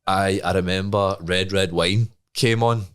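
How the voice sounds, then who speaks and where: Scottish man telling a story, low voice. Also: a little slow, smooth. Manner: animated, laughing, acts out voices in his stories. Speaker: podcast co-host. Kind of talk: casual storytelling.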